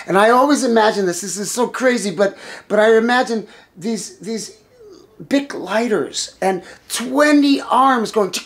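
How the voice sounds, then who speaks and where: A male storyteller retelling an epic tale in an animated, improvised way, with restarts and sudden shouts. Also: high-pitched, normal speed.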